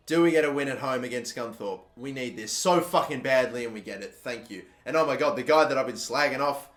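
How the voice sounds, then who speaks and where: A young man commentating his own football video game, swearing constantly and bursting into loud, frustrated outbursts. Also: medium pitch, fairly quick. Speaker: gaming YouTuber. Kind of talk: live gameplay commentary. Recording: echoey room, faint background noise.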